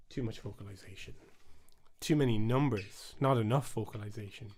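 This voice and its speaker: A man hosting a live-streamed bodhrán lesson, chatty and upbeat, chanting rhythm syllables aloud, with his voice starting to rasp. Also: lowish voice, unhurried, long pauses, a little mellow. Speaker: bodhrán teacher and channel host.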